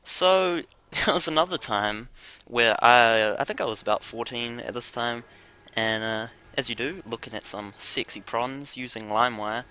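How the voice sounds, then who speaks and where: Bright-voiced rambling gameplay commentator man. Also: mid-range voice, normal speed, few pauses, smooth. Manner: rambling, laughing, crude, lots of uh and like. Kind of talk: casual storytelling over gameplay.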